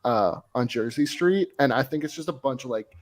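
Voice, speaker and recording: A man with a mid-pitched voice talks sports on a podcast. His intonation rises and falls in a lively way. He keeps things easygoing and slips in deadpan quips. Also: moderate pace. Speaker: podcast co-host. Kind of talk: casual sports chat.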